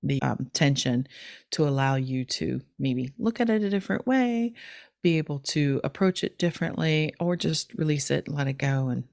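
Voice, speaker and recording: A middle-aged woman with a notably low voice walks a listener through a technique in an easy, gentle, explanatory way. Her voice sounds close and dry, with no room around it. She keeps a calm podcast-host tone throughout. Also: moderate pace, vocal fry, no room sound. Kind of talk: casual instructional chat.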